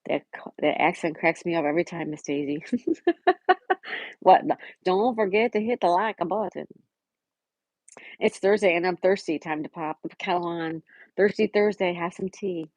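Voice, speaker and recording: Chatty woman streamer, slightly low voice. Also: normal speed, no echo, dull audio. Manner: chatty, greets and answers viewers by name, sometimes drops to a soft whisper. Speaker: live streamer reading viewer chat. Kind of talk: casual live-stream chat.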